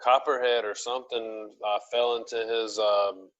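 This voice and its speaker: A man's voice: on the low side, little pitch movement, moderate pace. A man hosting a podcast, chatting casually and asking teasing, joking questions. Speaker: podcast host. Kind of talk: casual chat. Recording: dull lo-fi sound.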